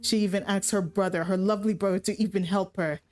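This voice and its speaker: A woman's voice: mid-range voice, fairly even intonation, fast talker, darkish tone. A woman streamer casually recapping a story in a rambling, profane way, often correcting herself mid-sentence. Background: faint background music.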